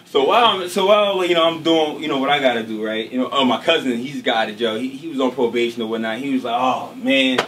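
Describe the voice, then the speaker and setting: A man telling a casual, slangy, animated story on stage before a live audience, often checking in with his listeners. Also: medium pitch, quick pace, few pauses. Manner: casual, slangy, animated, peppered with "you know what I'm saying". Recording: distant mic, noisy live venue.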